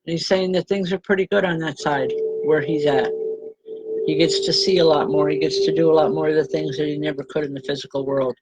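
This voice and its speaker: A woman reverend giving live spirit readings to viewers, speaking gently and haltingly and calling people by name. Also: deep voice, steady tone, muffled recording, very noisy.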